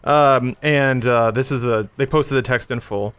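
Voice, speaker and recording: An American man hosting a casual podcast, fast and jokey, sometimes reading ad copy. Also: mid-range voice, steady tone, fairly bright tone, clear, resonant tone. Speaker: podcast host.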